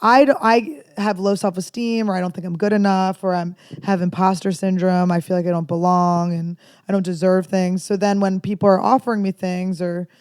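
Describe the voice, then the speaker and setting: A woman comedian in her thirties telling candid, rambling stories with dark jokes in a casual podcast chat. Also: fairly low pitch, smooth, no echo, studio quality. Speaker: comedian guest.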